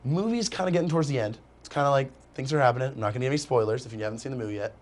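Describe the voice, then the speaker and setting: A young man telling a long story as a guest in a casual chat, animated and rambling, with "like" in nearly every phrase. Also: medium pitch, very fast.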